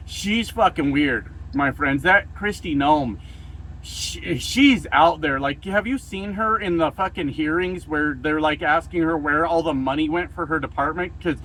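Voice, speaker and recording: Young male commentator, high-pitched, profane, sarcastic, faint background noise. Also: fairly bright tone, poor audio. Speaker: political commentator. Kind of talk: casual political rant.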